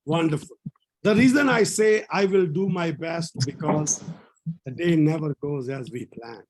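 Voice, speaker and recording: A man leading a laughter yoga session over a video call, energetic and repeating his phrases for the group to echo. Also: fairly high pitch, unhurried, slight background noise.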